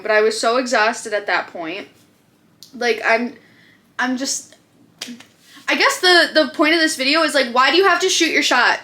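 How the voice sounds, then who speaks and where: A woman's voice: fairly high pitch, normal speed, bright, forceful tone. A woman with a Minnesotan accent, telling a story in casual chat as a crochet vlogger, chatty and full of fillers. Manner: chatty, filler-heavy storytelling, exasperated rant.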